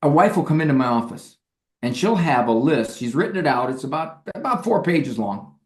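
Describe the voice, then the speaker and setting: A man's voice: medium pitch, big pitch swings, a little fast, darkish tone, reverberant. A man talking as a guest psychologist in a casual interview, acting out the parents and couples he describes.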